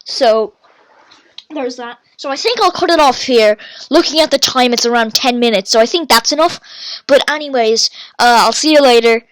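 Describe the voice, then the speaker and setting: Woman, podcast host, slightly high voice, dry close sound, rambling casual reader who corrects her own slips. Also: moderate pace, no echo. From Ireland. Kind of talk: casual book review with reading aloud.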